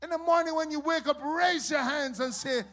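A man preaching a sermon as pastor, swinging between quiet asides and loud, sing-song shouted declarations and repeating his phrases for emphasis. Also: extremely high pitch, moderate pace.

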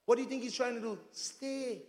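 High-voiced preacher in an echoey hall. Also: male voice, steady tone, racing. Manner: rousing, breaks into shouts, asks the congregation to answer. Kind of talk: sermon.

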